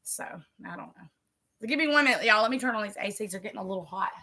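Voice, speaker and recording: A woman's voice: medium pitch, lively intonation, fast talker, bright, forceful tone. A middle-aged woman, chatting casually and rambling as she decorates a planner for her vlog. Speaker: vlogger.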